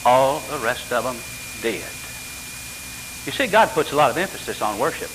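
An older man preaching a sermon as pastor, full of rhetorical questions and sudden jumps in pitch. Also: lively intonation, normal speed. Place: church sanctuary. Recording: church hall reverb with faint hiss.

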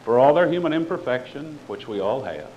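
Fervent preacher man, wide-swinging pitch. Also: very animated, fairly quick, highs cut off, a little hiss or hum. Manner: fervent, swings between loud declarations and quiet asides; sarcastic toward other preachers. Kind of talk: sermon.

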